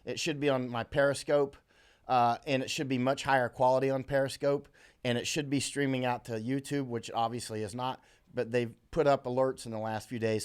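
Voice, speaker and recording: A man's voice: mid-range voice, smooth. An American man hosting a live stream, chatting casually and rambling with many fillers and restarts as he reads viewer comments aloud. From USA.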